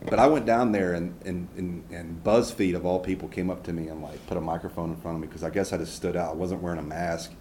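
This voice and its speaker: A man's voice: sits low, steady tone, fast talker, hardly any pauses, darkish tone, echoey room, slight background noise, poor audio. A man with a Southern US accent, a labor organizer answering audience questions in a folksy, conversational way with many fillers and restarts. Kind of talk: casual public Q&A talk.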